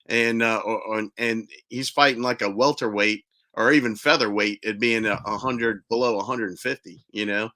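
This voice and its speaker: Bright-voiced male podcast host. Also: fairly low pitch, steady tone, moderate pace. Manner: chimes in with short remarks and questions. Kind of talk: casual chat.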